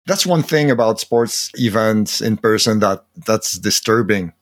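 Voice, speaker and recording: A man hosting a casual interview, relaxed and quick to laugh. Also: lowish voice, dry recording, studio quality. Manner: relaxed, laughs easily, brief backchannels. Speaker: host.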